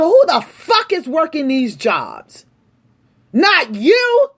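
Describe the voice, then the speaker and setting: A woman delivering an impassioned, angry rant straight to her audience, speaking forcefully. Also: high voice, wildly swooping pitch, takes it slowly. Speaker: vlogger. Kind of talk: impassioned direct-to-camera rant.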